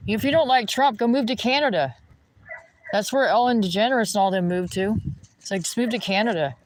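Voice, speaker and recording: A man's voice: high voice, a little fast, slight background noise, rough recording. A man ranting in a rambling, indignant way while walking outdoors by a pond. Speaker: vlogger.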